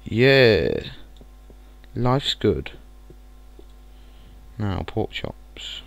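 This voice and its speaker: A man commentating a game let's play, excitable and muttering curses at the game. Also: fairly low pitch, slow, no room sound. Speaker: gaming channel host.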